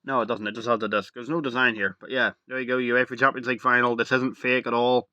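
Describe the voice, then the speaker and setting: A young man talking casually to camera as a video reviewer, rambling and excitable, full of "like" and "literally". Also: medium pitch, quick pace, no room sound, dull audio.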